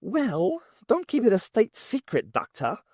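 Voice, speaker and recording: A spirited young woman with a wry, teasing edge, as a male audiobook reader puts her on, her questions lifting high and swinging lively. The reading is close and dry, with no room around it. She sounds plucky and quick to needle. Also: no echo, heavily acted. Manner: quizzical, teasing questions in a raised voice. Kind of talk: audiobook character voice.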